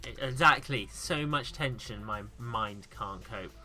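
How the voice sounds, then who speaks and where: A man's voice: mid-range voice, measured pace, pushed and bright, soft background music. A man hosting a podcast quiz, calling answers correct and teasing in a dry, mock-dramatic way. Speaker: quiz host.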